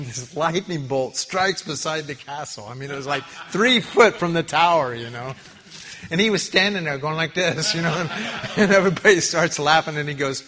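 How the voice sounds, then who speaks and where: A man preaching a sermon in church, telling stories with animated, loud peaks and quiet asides. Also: medium pitch, fairly quick, slight background noise. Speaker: pastor.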